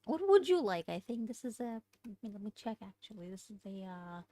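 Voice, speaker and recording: A woman studying a language aloud, thinking out loud, hesitating and correcting herself as she works through exercises. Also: mid-range voice, very animated, brisk. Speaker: language learner streaming study session. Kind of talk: casual study-along lesson.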